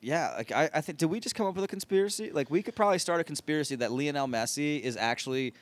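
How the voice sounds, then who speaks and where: A man's voice: fairly high pitch, animated, quick pace. Rambling, joking man on a podcast. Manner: crude joking, rambling with many fillers. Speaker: podcast co-host. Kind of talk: casual chat.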